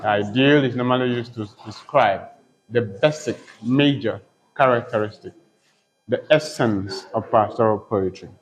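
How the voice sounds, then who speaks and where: A man's voice: medium pitch, normal speed, low-quality recording. A man teaching a poetry lesson, repeating each term several times and spelling words out letter by letter. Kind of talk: slow poetry lesson with dictation.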